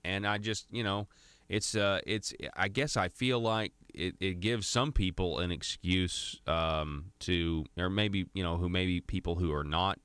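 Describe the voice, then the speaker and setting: Low, crisp-voiced radio host. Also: male voice, a bit bright, no echo. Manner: halting, with many fillers and restarts. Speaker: radio talk show host. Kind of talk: casual radio chat.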